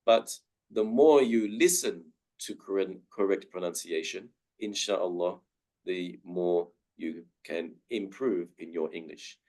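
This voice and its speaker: A man's voice: low-pitched, slow, a little mellow. A young man, giving a webinar lecture and carefully modelling the sound of each word aloud. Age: young adult. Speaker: guest speaker teaching pronunciation.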